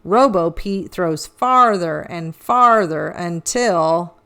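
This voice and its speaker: A woman reading a children's storybook aloud with an expressive, animated storytelling manner. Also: on the low side, slow pace, clean tone. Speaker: children's book reader.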